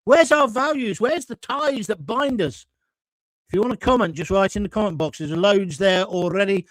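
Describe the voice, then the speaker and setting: An English man hosts a live call-in stream, delivering an opinionated monologue as he reads viewer comments, ranting indignantly, getting heated, and sometimes swearing. His voice sits high at a normal speed, captured in a low-quality recording with no room sound.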